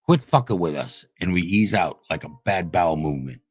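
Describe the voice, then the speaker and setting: A husky, low-voiced man rants on his livestream, quick and expressive, swearing as he confronts critics and repeats himself. The audio is studio quality, with no echo.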